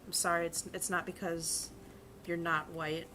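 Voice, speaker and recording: A young woman chats on stream while she draws, spinning loose, profane stories about her job. Her voice comes through bright and forceful at a desk mic, with a faint hiss underneath. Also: lowish voice, little pitch movement, measured pace. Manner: chatty, profane, storytelling with quoted voices. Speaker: vtuber streamer and bank teller. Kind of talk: casual chat while drawing.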